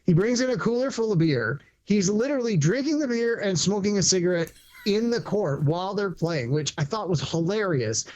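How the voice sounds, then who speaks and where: Podcast guy with a kinda high voice, chatty, telling movie set stories. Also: animated, a little fast, a little mellow, dull audio. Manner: chatty, recounts behind-the-scenes stories with fillers. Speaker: podcast co-host. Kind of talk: casual movie review chat.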